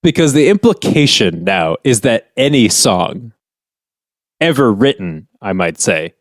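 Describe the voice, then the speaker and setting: A man co-hosts a comedy podcast, calmly pushing absurd theories with a straight face. His voice is mid-pitched for a man. The sound is close and dry, with no room sound. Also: measured pace, no echo. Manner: deadpan, spins absurd theories. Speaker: podcast co-host. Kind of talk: comedy bit.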